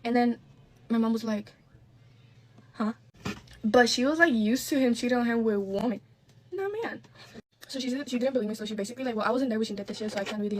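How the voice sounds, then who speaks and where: Brief: female storyteller, casual and rambling, fast delivery. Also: fairly high pitch, heavy background noise. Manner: candid, swears freely, rambling asides.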